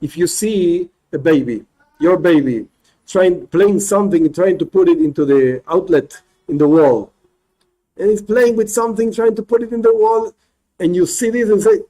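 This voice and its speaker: A male rabbi teaching a spoken class, animated, often restarting phrases and acting out examples. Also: high-pitched, moderate pace, low-quality recording.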